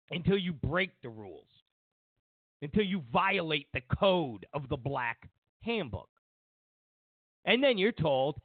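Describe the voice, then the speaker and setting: A man's voice: sits high, dry recording. A man hosting a political commentary show, rambling and digressive with a sarcastic edge. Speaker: show host. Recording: tinny phone-like dry recording.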